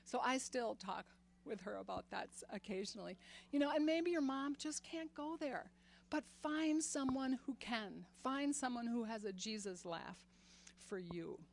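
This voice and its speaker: A woman in her sixties giving an earnest faith talk to a group, laughing often and growing animated when she retells stories. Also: a little high, normal speed, gravelly. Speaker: women's ministry speaker.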